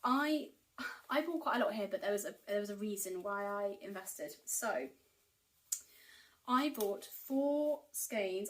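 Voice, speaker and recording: Woman vlogging about knitting, chatty and excited, lots of ums, mic kinda far away. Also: medium pitch. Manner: chatty and enthusiastic, with frequent ums and likes. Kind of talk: casual haul chat to camera. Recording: voice picked up from a distance.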